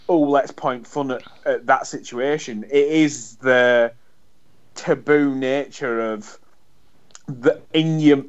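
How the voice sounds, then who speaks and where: Bloke rambling on a podcast, swears a lot, kinda dull lo-fi sound. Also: male voice, medium pitch. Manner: rambling, sweary, full of restarts and fillers. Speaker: podcast co-host. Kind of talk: casual chat.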